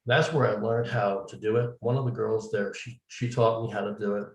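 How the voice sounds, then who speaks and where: Speaking briskly with a lowish voice and fairly even intonation, a man in an interview casually relays events at length, acting out the dialogue he quotes. He's a medium interview guest, and the recording is roomy with a distant mic.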